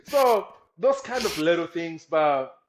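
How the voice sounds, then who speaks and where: A man's voice: high voice, lively intonation, slow pace, slight background noise. A young man from Congo with a Congolese accent, a guest in a casual interview, repeating words as he talks. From Democratic Republic of the Congo. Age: young adult. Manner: repetitive, frequent agreeing "yeah".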